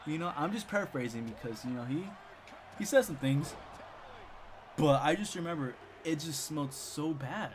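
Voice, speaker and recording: A man's voice: fairly high pitch, expressive, normal speed. A young man casually telling a funny school story on a live stream, rambling with lots of repeats and chuckles.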